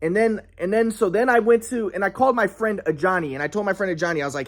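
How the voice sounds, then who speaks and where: A man's voice: high-pitched, quick pace, few pauses. A young man telling a personal story in an agitated, rambling way, cursing often and restarting his sentences. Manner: agitated, profane, many restarts.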